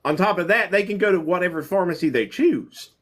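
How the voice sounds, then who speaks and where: Man, pharmacist, blunt, wry, joking, somewhat higher pitch. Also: lively intonation, brisk, a bit bright. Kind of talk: casual advocacy chat.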